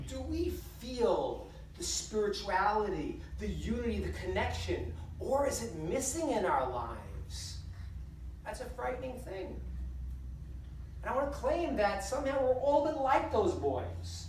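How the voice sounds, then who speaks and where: Animated woman giving a spiritual talk. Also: mid-range voice, a little hiss or hum. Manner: animated, storytelling with rhetorical questions. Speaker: rabbi speaker. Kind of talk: humorous spiritual talk to a live audience. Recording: roomy hall, distant mic.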